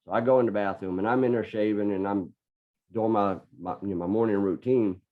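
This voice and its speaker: A man's voice: on the low side, fairly even intonation, a little fast. A middle-aged man, a podcast guest, telling a personal story in an earnest way and often repeating words as he gathers his thoughts. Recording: dull lo-fi podcast audio.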